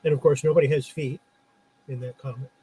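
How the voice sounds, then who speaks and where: In a steady, brisk voice that is mid-range, dark, and slightly rough, a middle-aged ex-comic shop owner hosting a podcast chats and shares anecdotes, laughing frequently. The recording is rough.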